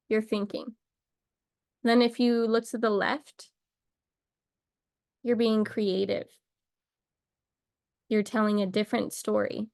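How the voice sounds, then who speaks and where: A woman talking in a playful, rambling way, thinking out loud as she runs a casual mock lesson. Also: a little high, vocal fry, no room sound, clean studio sound. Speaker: video creator.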